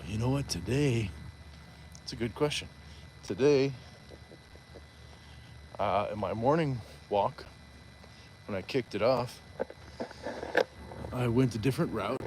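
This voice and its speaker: A man hosting a live stream, chatting casually in a rambling, unhurried way with many fillers. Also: medium pitch, background noise. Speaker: livestream host.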